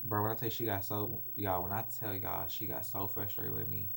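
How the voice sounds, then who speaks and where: A man's voice: fairly low pitch, flat delivery, brisk, creaky. A man telling a personal story to his phone camera in a casual, rambling way, full of "like" fillers and acting out the voices of the people in it. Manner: rambling, lots of "like" fillers, acts out voices in stories. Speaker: vlogger.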